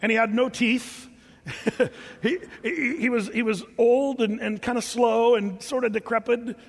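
A man's voice: very high voice, a little slow, vocal fry, breathy edge, big-room sound. An older man preaching a sermon, telling stories with humor and sound effects. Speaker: pastor.

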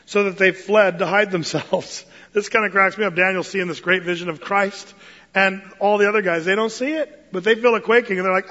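A man preaching a sermon as pastor, animated, acting out Bible quotes in playful voices. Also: sits high, a little fast. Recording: muffled sound with long hall reverb.

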